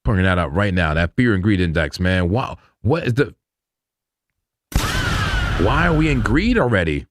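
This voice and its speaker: A man's voice: low-pitched, animated, moderate pace, pauses often, no echo, clean studio sound. A man hosting a live crypto trading stream, chatting loosely in slang and laughing often as he talks through charts. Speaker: crypto trading livestream host. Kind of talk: casual live market commentary.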